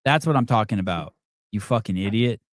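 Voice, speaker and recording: A man's voice: on the low side, brisk, no room sound, clean studio sound. A man hosting a livestream podcast, swearing heavily and mocking a caller in a combative rant. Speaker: podcast host. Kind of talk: heated livestream chat.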